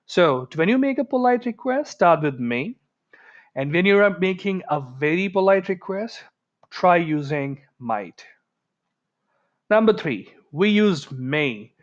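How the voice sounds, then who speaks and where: A man's voice: high-pitched, lively intonation, slow. A man teaching an English grammar lesson in a chatty way, acting out everyday example dialogues. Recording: dull lo-fi recording.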